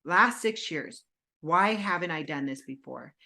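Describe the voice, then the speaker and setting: Bright-voiced woman telling an animated story. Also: deep voice, a little slow, creaky. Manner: animated storytelling, acts out her own phone calls. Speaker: podcast co-host, indie author. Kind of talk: casual podcast chat. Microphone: home setup with green screen, video call.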